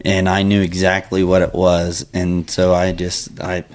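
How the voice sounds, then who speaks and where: A man's voice: sits low, completely flat delivery, unhurried, a little mellow. A man co-hosting a casual chat, laid-back, often answering with short agreements. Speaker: co-host.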